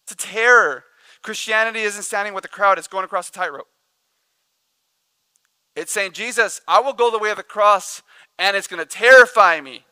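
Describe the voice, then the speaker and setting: A pastor preaching a sermon, telling stories with humor and acting out the people in them. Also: male voice, high voice, normal speed, long pauses, clean tone, no room sound. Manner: animated, jokey storytelling with laughs and acted-out quotes. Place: church.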